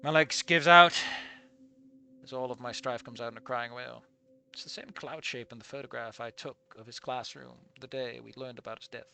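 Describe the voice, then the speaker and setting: A man reading a first-person fan story aloud and breaking off to critique it, moving between hushed reading and loud, excitable remarks. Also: medium pitch, moderate pace, vocal fry, slight background noise. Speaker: fan fiction reader and critic.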